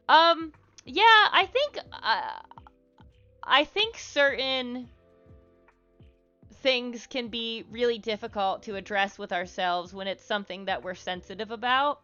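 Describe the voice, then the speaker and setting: A woman hosts a livestream giving casual social advice, talking loosely and frankly, swearing offhandedly and rambling with plenty of "like" and "um." Her voice is on the high side, clean, pushed, and bright, with lively intonation and a slow pace. The stream audio is slightly muffled, with faint music behind it.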